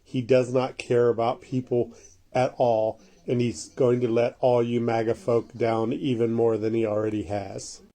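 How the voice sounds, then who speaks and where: Critical male commentator, very dark tone. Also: medium pitch, little pitch movement, unhurried. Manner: scornful, critical. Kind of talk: political commentary.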